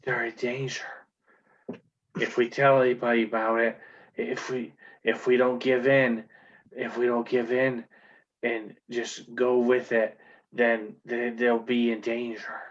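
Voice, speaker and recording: A man's voice: mid-range voice, level tone, unhurried, dull audio, close to an everyday voice. A man voicing a groggy, confused young village woman who rambles fearfully.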